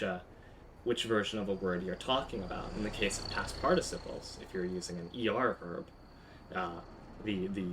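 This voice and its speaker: A man's voice: fairly low pitch, a bit bright, a little hiss or hum. A man teaching a casual streamed language lesson, explaining grammar step by step with offhand swearing and frequent restarts.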